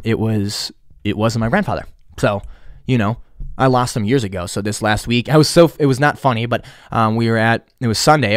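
A man's voice: mid-range voice, no room sound, studio quality. Young man telling a rambling story. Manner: rambling, profane, with sarcastic asides. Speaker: podcast host. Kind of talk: casual personal storytelling.

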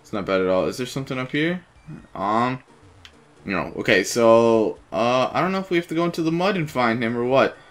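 A young man casually commenting on his own gameplay, chatty and profane, quick to get frustrated. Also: medium pitch, lively intonation. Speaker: let's play gamer.

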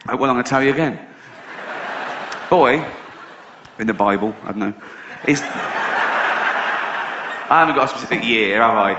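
A man's voice: medium pitch, normal speed, long pauses, dull audio, very noisy. A middle-aged man doing a stand-up routine, telling a story sardonically and swearing casually. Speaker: stand-up comedian. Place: live stage show.

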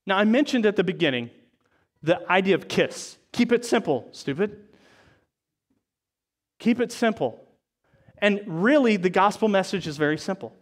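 Pastor guy with a high voice, preaching in church, chatty asides between verses. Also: lively intonation, normal speed. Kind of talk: sermon. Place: church service.

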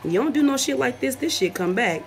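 A woman's voice: fairly high pitch, animated, fairly quick, soft background music. A woman, ranting in a profane, scornful vlog and reading out messages. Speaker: vlogger.

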